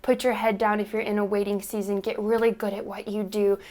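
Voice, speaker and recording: A woman's voice: mid-range voice, flat delivery, a little fast, darkish tone. A young woman giving a heartfelt, rambling thank-you to her viewers, emotional and close to tears. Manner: earnest, emotional, on the verge of tears; rambling with restarts, addresses viewers directly. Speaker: YouTube creator.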